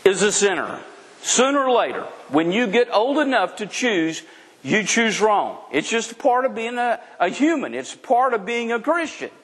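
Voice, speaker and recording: A man preaching a sermon, emphatic and repetitive, asking the congregation rhetorical questions. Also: high-pitched. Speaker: pastor. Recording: long hall reverb.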